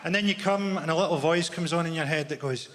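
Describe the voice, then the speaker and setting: A man from Glasgow with a Glaswegian Scottish accent, delivering a stand-up comedy set in dry, deadpan one-liners. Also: on the high side, quick pace. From Glasgow, Scotland. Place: large theatre stage. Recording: reverberant theatre hall with audience noise.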